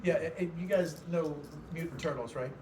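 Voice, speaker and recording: A man's voice: on the high side, moderate pace. An older man, a guest voice actor, chatting loosely with restarts at a convention panel. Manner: chatty, rambling with restarts and laughs. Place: convention hall. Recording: crowd noise at a live convention.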